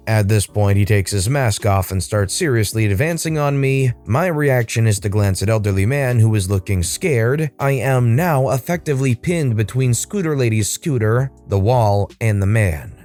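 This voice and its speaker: A man's voice: on the low side, normal speed, few pauses, darkish tone, soft background music. A man hosting a storytime channel, reading Reddit stories aloud in a conversational way. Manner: friendly, conversational sign-off.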